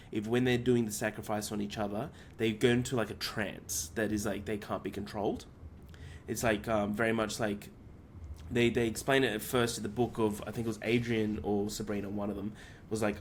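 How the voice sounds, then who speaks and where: A man's voice: lowish voice, fairly even intonation, moderate pace, slight background noise. A man co-hosting a casual film podcast, retelling a story at length with lots of fillers and casual swearing. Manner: rambling plot retelling with many fillers. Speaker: podcast co-host.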